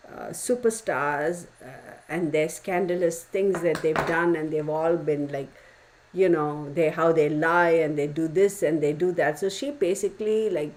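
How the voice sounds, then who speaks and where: Chatty woman, low-voiced. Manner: animated, gossipy, exclaiming. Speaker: tarot reader answering live chat. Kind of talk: casual live-stream chat.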